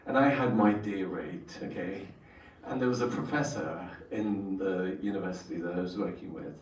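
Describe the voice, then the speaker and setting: A man's voice: deep voice, normal speed, darkish tone, slight background noise. A man leading a workshop for entrepreneurs, telling a story and putting questions to his audience. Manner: engaging, asks the audience questions. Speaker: workshop trainer. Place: workshop room. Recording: echoey room, voice from far off.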